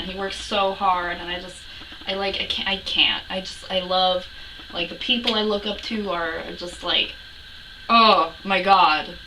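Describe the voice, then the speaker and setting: A woman's voice: medium pitch, recorded from a distance, noisy background. A young woman recapping a convention in a casual vlog, gushing and breathless, with lots of restarts and casual swearing. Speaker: vlogger.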